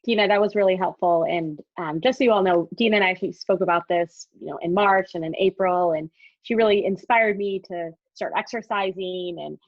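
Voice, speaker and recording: A woman's voice: lowish voice, fairly quick, dry recording. Hesitant woman moderating, dull dry sound. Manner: hesitant, many fillers and restarts. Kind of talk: moderating an online talk.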